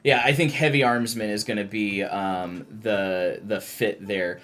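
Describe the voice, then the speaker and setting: A man's voice: lowish voice, fairly even intonation, a little slow, a bit bright. A man, a game designer, casually explains character options to players, thinking aloud with frequent ums and restarts. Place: studio.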